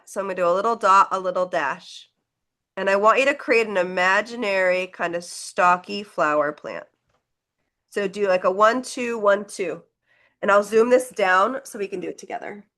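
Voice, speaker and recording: A woman leads a live online painting class, her voice at an ordinary middle pitch and a bit bright. She chats easily while mixing colors and demonstrating, encouraging and reassuring her students along the way.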